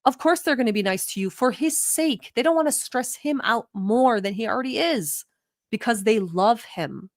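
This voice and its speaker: A woman from the Middle East, not a native English speaker, hosting a vlog with blunt, profane and animated reaction commentary. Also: medium pitch, no echo, clean studio sound. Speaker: vlog host.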